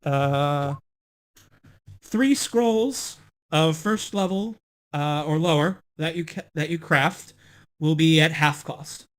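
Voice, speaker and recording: A young man running a tabletop game as game master, unhurried and halting, with many fillers. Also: a little high, a bit bright.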